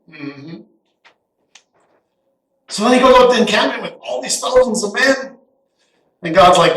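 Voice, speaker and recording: A middle-aged man giving a folksy, animated guest sermon in a church sanctuary, acting out Bible characters in quick asides. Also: sits high, far from the mic. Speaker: guest pastor. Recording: echoey church hall, voice heard from afar.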